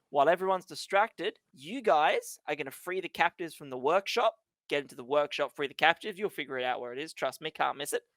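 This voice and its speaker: A game master voicing a centuries-old boy in a child's body who lays out plans in a brisk, bossy way and swears freely, on a dry close mic. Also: mid-range voice, fairly bright tone, no room sound, lightly acted. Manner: brisk, bossy, swears, keeps asking "right?". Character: ancient boy in child's body, brusque leader.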